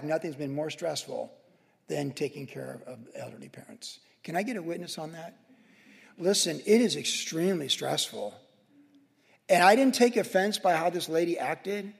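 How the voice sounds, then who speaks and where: A man in his sixties delivers a sermon in a chatty, story-driven way, his fairly high voice carrying a gravelly edge. The sound rings out with a long reverb, as if in a large church hall. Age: 60s. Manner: anecdotal, conversational storytelling with quick asides. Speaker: pastor.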